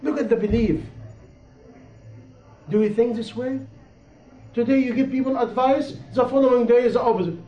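High-voiced man preaching in an echoey room. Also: normal speed, pauses often, warm tone. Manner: impassioned, repetitive, rising and falling emphasis. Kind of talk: sermon. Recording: echoey room, dull lo-fi sound.

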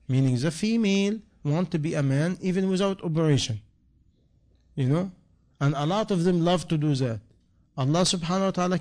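Man, preacher, slightly high voice, repeating phrases with rising emphasis. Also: darkish tone. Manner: non-native English, impassioned repetition, rising emphasis. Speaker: imam. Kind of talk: sermon answering a question.

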